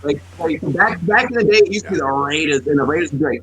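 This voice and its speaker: A man's voice: fairly high pitch, expressive, fast, a bit bright, muffled recording. A man in his thirties, a podcast co-host, telling rambling, profane stories in casual sports talk, full of restarts. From United States.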